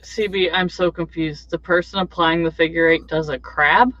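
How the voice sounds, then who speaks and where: A man's voice: fairly high pitch, steady tone, normal speed, bright, forceful tone, no room sound. A man rambles through folksy stories in casual chat, stopping and restarting along the way. He is recorded dry, with a dull, muffled home mic. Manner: rambling, folksy storyteller with fillers.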